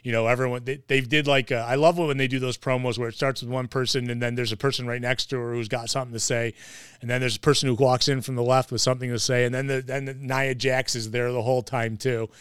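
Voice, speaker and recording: A man's voice: medium pitch, flat delivery, fast, a bit bright, clear, resonant tone, dry recording, studio quality. A man hosting a casual wrestling podcast, rambling with lots of fillers and restarts. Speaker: podcast host.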